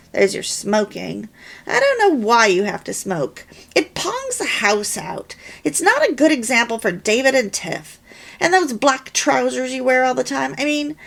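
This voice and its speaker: A woman reading the part of a hurt husband who speaks hesitantly and haltingly. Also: sits high, sing-song, creaky, fairly bright tone, pitched above the performer's own voice, full character voice. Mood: hurt, earnest. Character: remorseful husband, a working man.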